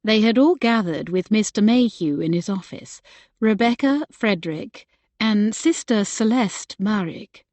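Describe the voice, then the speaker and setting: Woman audiobook narrator, slow and measured, dry close sound. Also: mid-range voice, animated, a little mellow, no room sound. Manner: measured, unhurried storytelling. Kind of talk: scripted narration.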